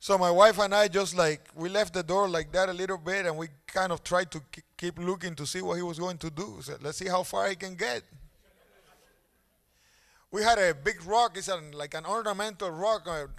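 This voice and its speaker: A middle-aged male pastor telling a story in a sermon with animated, dramatic delivery. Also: high-pitched, normal speed.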